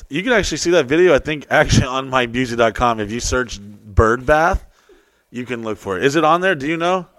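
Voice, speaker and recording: A man on a podcast telling crude stories and jokes, rowdy and profane, often jumping into loud high put-on voices. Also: lively intonation, a little fast, no echo. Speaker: podcast host. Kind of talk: crude comedic podcast banter.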